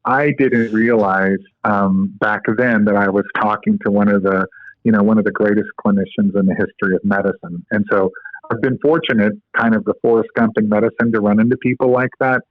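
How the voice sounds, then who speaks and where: A man's voice: fairly low pitch, little pitch movement, brisk, no echo. A man who is a guest on a podcast, explaining medical technique step by step and telling stories with plenty of filler words. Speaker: guest, co-inventor of a medical device. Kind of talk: podcast interview. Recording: tinny phone-like line, dry.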